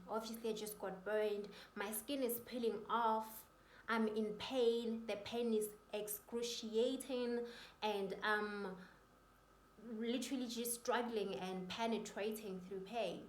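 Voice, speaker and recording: This is a woman vlogger's personal testimony, earnest, emotional and faith-filled, spoken in a medium-pitched voice. The recording has a slight hiss or hum and the echo of a roomy space.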